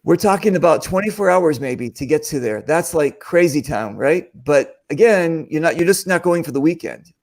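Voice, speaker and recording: A man's voice: fairly high pitch, animated, normal speed, creaky. A man hosting a casual chat, talking loosely and thinking aloud with asides.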